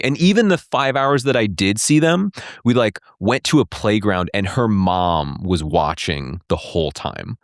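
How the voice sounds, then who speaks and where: A thirtysomething man recounts a personal story in an interview at a measured pace, his fairly low voice expressive as he performs the dialogue and leans heavily on "like." The studio recording is clean with no room sound.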